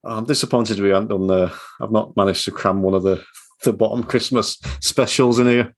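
Guy chatting casually, telling stories, lowish voice. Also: fairly even intonation, a little fast. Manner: chatty, anecdotal storyteller. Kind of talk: casual chat.

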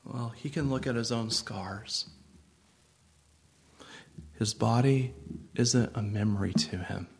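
A man preaching a sermon as pastor, earnest and gentle, with sudden swells of intensity. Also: mid-range voice, takes it slowly, vocal fry, long pauses, a little hiss or hum.

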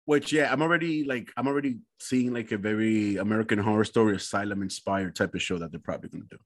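A man on a casual podcast, joking and throwing in quick quips. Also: on the low side, slight background noise. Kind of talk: casual movie discussion.

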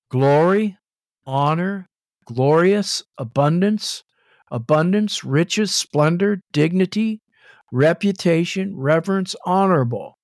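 A man leading a Bible study, slowly defining Hebrew and Greek words, repeating and spelling terms out as he goes. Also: fairly high pitch, dry recording, clean studio sound. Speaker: Bible teacher.

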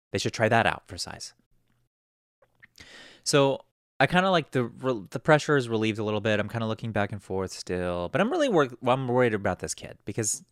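Young male podcast host, low and animated, storyteller who slips into quoted voices, dry close sound. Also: dry recording. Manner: rambling, animated, acts out quotes in a raised voice. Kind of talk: casual storytelling.

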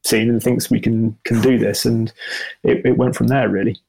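Gravelly man, rambling. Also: mid-range voice, flat delivery, normal speed, darkish tone, poor audio. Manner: rambling, self-deprecating, many restarts. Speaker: motoring journalist and video presenter. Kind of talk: reflective interview answers.

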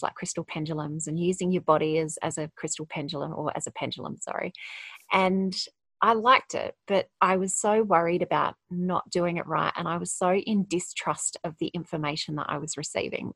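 A woman's voice: on the low side, creaky, fairly bright tone, husky, dry recording. A woman, speaking candidly and reflectively in a casual conversation and laughing often. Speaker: podcast guest, coach.

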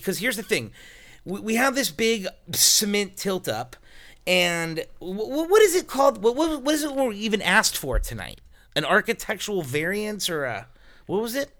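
A man hosting a casual podcast chat, excitable and jokey. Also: high-pitched, normal speed. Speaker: podcast host, distillery owner.

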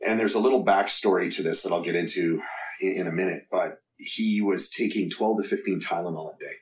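A very low-voiced man talks through his story as a guest, frank and loose, cursing freely. He sounds roomy and set back from the mic. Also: brisk, far from the mic. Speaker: podcast guest. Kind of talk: casual storytelling interview.

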